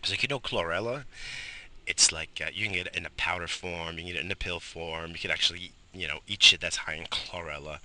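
Cussing guy on morning radio, low voice but real sharp and bright, coughing, ranting outside. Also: a little hiss or hum. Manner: profane, animated ranting with frequent coughs and sighs. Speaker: host of a morning radio show. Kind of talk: casual rambling monologue. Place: outdoors in his yard, smoking in the morning.

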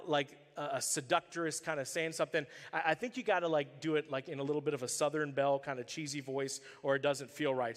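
Preaching in a space with big-room acoustics, this man has a voice on the high side. As a pastor, he animates his sermon's stories by performing each character's voice.

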